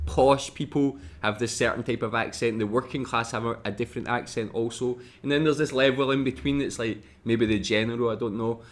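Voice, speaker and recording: A man's voice: medium pitch, fairly even intonation, fairly quick, few pauses. A man, casually reacting and thinking aloud, a bit hesitant. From United Kingdom. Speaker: reaction video host.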